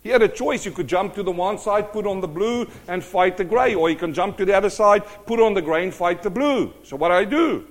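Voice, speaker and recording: Brief: a male preacher with a fairly high voice delivering a lively storytelling sermon. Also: fairly quick, hardly any pauses.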